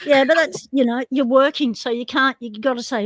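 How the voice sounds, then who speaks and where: A woman's voice: high-pitched, fairly even intonation, brisk, no echo. Teasing chatty woman, dry close sound. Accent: Australian. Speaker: livestream host. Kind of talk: casual chat.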